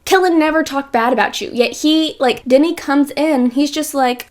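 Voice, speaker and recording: A woman's voice: high voice, a little slow, few pauses, darkish tone. Emphatic, slangy woman reviewing a book. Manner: emphatic, repeats points, slangy asides. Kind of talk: casual book review chat.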